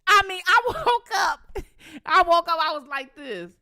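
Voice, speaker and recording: Woman, middle-aged vlog host, high and bright, telling a story full of cursing. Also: unhurried. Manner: animated, profane, laughing storyteller addressing viewers as y'all. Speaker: channel host. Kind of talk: casual storytelling to viewers.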